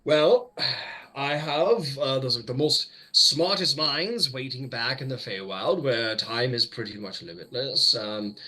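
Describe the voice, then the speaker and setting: A man's voice: medium pitch, expressive, a little slow, bright, forceful tone. A man voicing a pompous, self-important old male archmage who is impatient and dismissive. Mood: boastful.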